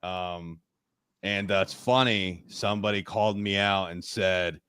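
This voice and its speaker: A young man ranting as a fan caller on a live stream, stammering and building to shouts into his own mic. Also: low-pitched, steady tone, a little slow, smooth, no echo. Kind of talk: emotional sports fan rant. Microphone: own mic on a remote call.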